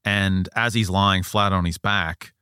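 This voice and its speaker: A man with a fairly low voice, recorded close and dry on a studio mic. He talks in a relaxed, chatty way, retelling a story for a podcast and now and then putting on the voices of the people in it. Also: unhurried, clear, resonant tone, no echo. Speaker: podcast host. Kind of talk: casual storytelling chat.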